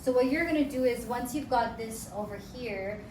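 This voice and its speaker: A woman's voice: fairly high pitch, normal speed, a little mellow, a little hiss or hum. A woman coaching viewers in a self-help lesson, talking earnestly and conversationally and often repeating herself. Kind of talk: instructional talk to camera. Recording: echoey room with faint ambience.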